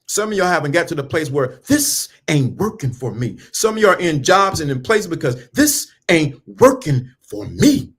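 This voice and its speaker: This man's voice sits high and fairly bright, with lively intonation, a moderate pace, and few pauses. He delivers a preaching-style motivational talk on mindset and dating, emphatic and repetitive, full of slang and questions aimed at the listener.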